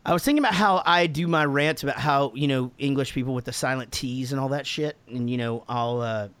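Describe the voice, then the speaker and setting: A man's voice: medium pitch, a little fast, fairly bright tone, clean tone. An American man in casual podcast chat, answering fan questions with lots of laughing, swearing and restarts. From United States. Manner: laughing, profane, rambling with restarts.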